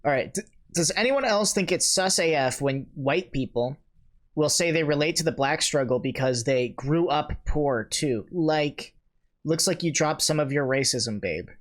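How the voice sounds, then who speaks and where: A man's voice: fairly high pitch, animated, normal speed. A man hosting a casual reaction video, reacting with dry, sarcastic asides and sometimes trailing off or restarting when unsure.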